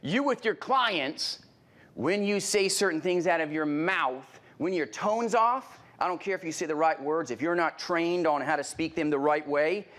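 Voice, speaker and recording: A middle-aged man leads a live sales training with a somewhat high voice. He talks in punchy, repeated phrases and throws rhetorical questions at the room. He bursts into loud exclamations when he acts out little scenes. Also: normal speed.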